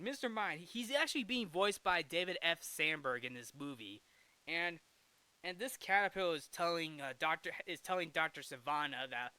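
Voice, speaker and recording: Guy recapping a movie casually, kinda high bright voice, keeps correcting himself. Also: clean tone. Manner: rambling, frequent self-corrections and restarts. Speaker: film review host.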